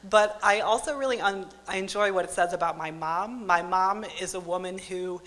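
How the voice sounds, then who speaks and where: A woman's voice: on the low side, normal speed, a bit bright. A woman in her thirties telling a wry, self-mocking true story on stage at a live storytelling event. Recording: live hall with long reverb.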